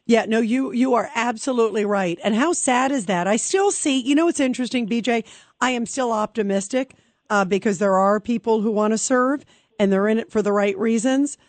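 A woman's voice: on the high side, a little fast, no room sound. A woman hosting a political call-in radio show, talking emphatically with a conversational flow and frequent fillers. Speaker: radio talk show host.

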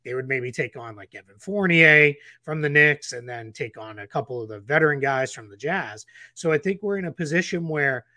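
A man's voice: fairly high pitch, lively intonation, normal speed, hardly any pauses, bright, forceful tone, dry recording, studio quality. A man co-hosting a casual basketball podcast, rambling with restarts and fillers. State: getting the hiccups. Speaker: podcast co-host analyst.

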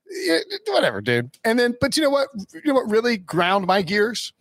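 A man in his thirties co-hosting a casual sports podcast, animated and ranting, mimicking the people he quotes. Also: very high voice, normal speed, creaky, no room sound, studio quality. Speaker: podcast co-host.

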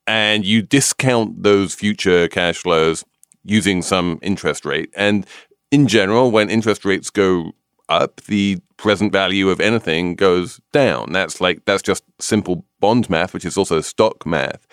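A man hosting a podcast, explaining things briskly and adding quick asides. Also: low-pitched, clear, resonant tone, no room sound, studio quality. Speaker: podcast host.

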